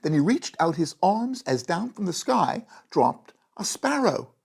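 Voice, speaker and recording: A storyteller reading a bedtime story aloud in a gentle, animated way, with a gravelly, breathy voice. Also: medium pitch, a little slow.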